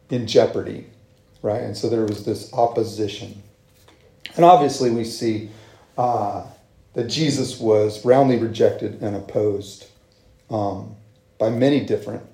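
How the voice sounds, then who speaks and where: Mellow-voiced man preaching in an echoey hall. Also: medium pitch. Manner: conversational, with frequent fillers and rhetorical asides. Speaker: pastor. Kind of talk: sermon.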